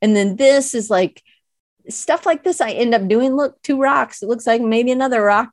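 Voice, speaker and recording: A fairly high-pitched woman speaks at a normal speed in a dry, studio-quality recording. She's a podcast host and illustration teacher chatting casually, rambling and playful, often poking fun at herself and filling her talk with "like."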